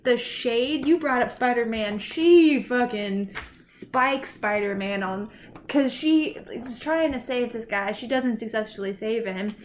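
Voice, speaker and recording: A woman co-hosting a podcast in casual chat, excitable and profane, quick to laugh. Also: fairly high pitch, a little hiss or hum. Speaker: podcast co-host.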